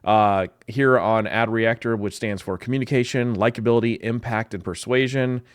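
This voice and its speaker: A man's voice: on the low side, steady tone, moderate pace, no room sound, clean studio sound. A man, a marketing professor, giving blunt and exasperated commentary as he reacts to and grades a commercial. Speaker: marketing professor reviewing ads.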